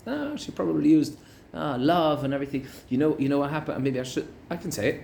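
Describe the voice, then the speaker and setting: A man who is a rabbi, giving a Torah class as a lively storyteller who breaks in with joking asides. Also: a little high, quick pace, creaky, slight background noise.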